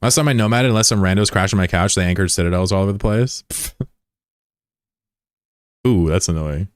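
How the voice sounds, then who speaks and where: A fairly low-voiced man chatting casually on a game stream, loose and joking, full of slang as he greets viewers and reads their messages. The sound is dry and close, with almost no room around him. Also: a little fast, no room sound.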